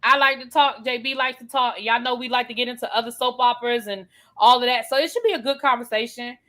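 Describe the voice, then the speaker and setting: Casual female host, bright, higher-pitched voice, emphatic and chatty, home setup. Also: fast. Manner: animated, emphatic, repeats phrases. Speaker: channel host. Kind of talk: casual live review chat. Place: home, getting ready to go out.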